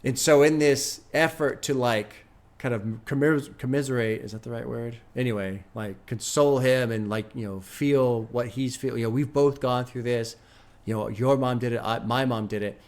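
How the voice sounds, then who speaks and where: A man's voice: mid-range voice, moderate pace. A man hosting a music reaction, talking through his thoughts in casual, reflective commentary. He swears often, and he is near tears. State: near tears, emotionally moved.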